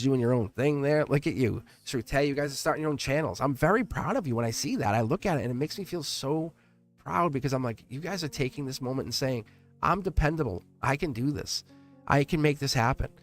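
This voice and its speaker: A middle-aged man hosting a live tarot reading stream, talking warmly and at length to his viewers, rambling with frequent restarts and laughs. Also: medium pitch, fast talker, faint music behind. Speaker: live tarot reader and channel host.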